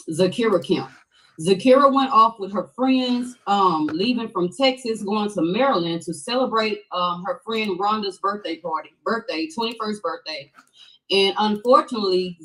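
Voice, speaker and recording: A woman's voice: medium pitch, rough recording. A woman hosting a live-stream interview, talking casually and loosely with many "um" fillers. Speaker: host.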